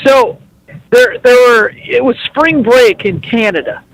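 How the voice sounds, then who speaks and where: A man's voice: very high voice, a little slow, a bit bright, slight background noise, rough recording. A middle-aged man, a guest on a radio show, telling playful, teasing stories in casual chat. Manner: jokey storytelling, playful teasing. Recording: radio broadcast.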